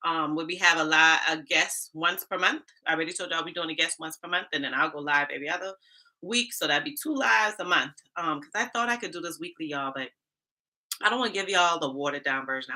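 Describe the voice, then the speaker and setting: Bright-voiced woman with a Charleston Geechee accent. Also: sits low, fast talker. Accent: Charleston Gullah Geechee. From Charleston, South Carolina. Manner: chatty, talks straight to the chat. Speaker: HR livestream host. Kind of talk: casual livestream chat.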